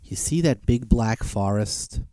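A mysterious old wise man of the village, his voice dropped low and hushed to a near whisper, as a preacher puts him on. It is close and dry, without echo. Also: expressive, unhurried. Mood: secretive.

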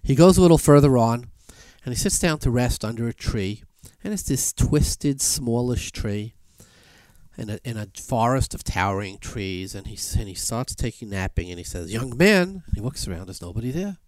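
A man preaching a sermon and telling a fable, animated, with sweeping emphatic rises in his voice. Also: mid-range voice, moderate pace, dry recording. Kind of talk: sermon with storytelling.

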